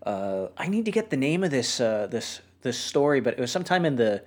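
Animated rambling podcast host man. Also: medium pitch, a little fast. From New Hampshire, USA. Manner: rambling and animated, lots of fillers. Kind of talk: casual chat.

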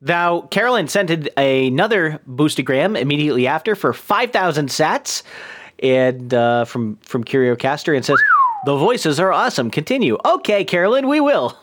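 A man's voice: fairly high pitch, sing-song, moderate pace, slight background noise. A man co-hosting a podcast, chatting casually, joking and giggling as he reads out listener messages. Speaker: podcast co-host.

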